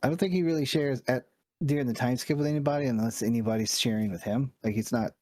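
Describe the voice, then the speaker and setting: A man's voice: medium pitch, fast talker, a little mellow. A man playing a tabletop game, chatting casually and thinking aloud. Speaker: player.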